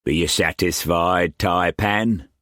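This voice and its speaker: A man reading an audiobook, voicing a brash, swaggering pirate captain in his thirties with a slow, drawling, sing-song manner. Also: low-pitched, a bit bright, no echo, clean studio sound. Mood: sly.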